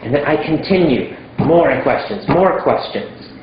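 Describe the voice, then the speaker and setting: Slow deliberate guy teaching english, repeats easy words, boomy echoey dull recording. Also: animated, a little hiss or hum. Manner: emphatic, repeats simple words for learners. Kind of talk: slow teaching monologue to camera. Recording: very echoey room, dull lo-fi sound.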